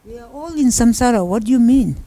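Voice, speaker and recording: A woman's voice: fairly high pitch, animated, a little fast, mellow, no echo, rough recording. A woman giving a Buddhist teaching talk, telling personal stories in simple non-native English and acting out the quoted dialogue. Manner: storytelling with acted-out quoted dialogue.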